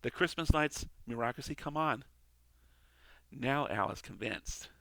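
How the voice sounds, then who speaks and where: A man's voice: mid-range voice, unhurried, vocal fry, sharp tone. A man casually reviewing a TV episode, rambling with many restarts and tag questions. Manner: rambling, repeats "okay" and "all right". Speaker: TV show reviewer. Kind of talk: casual commentary.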